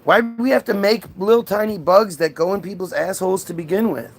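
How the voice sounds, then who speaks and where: A man's voice: high-pitched, fairly even intonation, quick pace, slight background noise, voice pushed up. A man voicing a crude, dim-witted first man who whines in slang. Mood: whiny.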